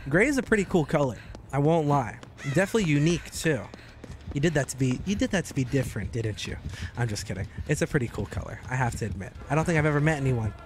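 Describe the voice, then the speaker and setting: A man giving joking, excitable commentary while streaming gameplay, often breaking into high shouts. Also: quick pace, a little hiss or hum. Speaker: gaming streamer.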